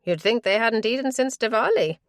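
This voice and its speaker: A woman's voice: a little high, expressive, normal speed, no echo, studio quality, voice pushed up. A woman voicing a middle-aged mother teasing her daughter on the phone.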